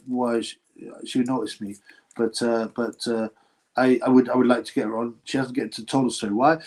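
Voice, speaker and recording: Rambling man on livestream. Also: medium pitch. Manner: rambling, slangy, mocking, laughs often. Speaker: boxing channel host. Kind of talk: casual livestream chat.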